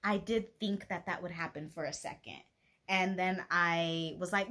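A woman's voice: on the low side, unhurried, fairly bright tone. A young woman vlogging about books she is reading, gushing and laughing often and sometimes reading passages aloud. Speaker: book vlogger. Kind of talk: casual reading vlog.

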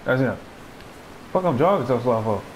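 A man's voice: medium pitch, lively intonation, normal speed, slight background noise. A young adult man hosting let's-play commentary, joking brashly in heavy profane slang. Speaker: gaming host.

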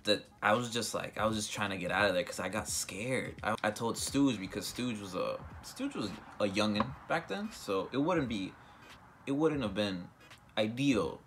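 A man's voice: lowish voice, animated, normal speed, a bit bright, faint music behind. A young man telling a casual storytime vlog, rambling with many fillers and restarts. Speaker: vlogger.

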